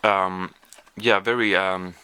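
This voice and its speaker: A man's voice: low-pitched, fairly even intonation, slow pace, bright, forceful tone, slight background noise. A man chatting casually through a taste-test vlog, hesitant with lots of fillers, sometimes talking while chewing. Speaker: vlogger.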